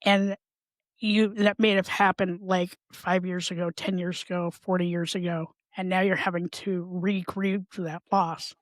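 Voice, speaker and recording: A woman's voice: on the low side, flat delivery, measured pace, no room sound. A woman hosting a podcast interview who asks questions in a supportive, conversational way. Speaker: podcast host.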